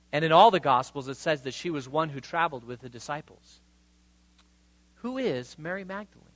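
High, bright-voiced preacher man. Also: no room sound. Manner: conversational, retells scripture in casual paraphrase. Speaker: pastor. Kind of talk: sermon.

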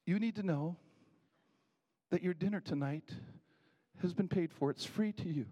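A brisk, cheery waitress who won't take no for an answer, as a man puts her on, her voice lifted higher than his own. She presses her point in quick, firm bursts within a spoken story. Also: warm tone, dull audio. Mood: insistent, cheerful. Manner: brisk, insistent.

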